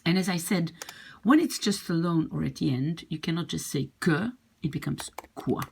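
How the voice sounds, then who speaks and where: A woman with a low-pitched, gravelly, husky voice teaches a language lesson at a normal speed with animated delivery. Her first language is French or Dutch, and she patiently explains French grammar in English, repeating pronunciation examples.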